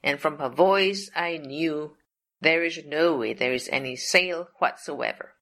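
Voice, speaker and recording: A middle-aged woman slowly telling a personal faith testimony, deliberate and repeating phrases for emphasis. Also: low-pitched, fairly bright tone. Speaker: storyteller.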